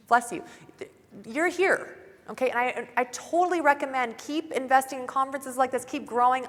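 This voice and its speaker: A woman's voice: medium pitch, fairly bright tone. A woman giving a fervent, casual motivational talk to a conference audience on stage. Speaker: conference speaker. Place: large conference hall. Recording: hall reverb from live event.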